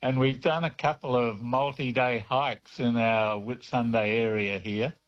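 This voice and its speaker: A man's voice: mid-range voice, fairly even intonation, a little slow, lo-fi sound. A man calling a radio show, chatting cheerfully and describing his surroundings. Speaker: caller. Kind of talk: casual radio phone chat.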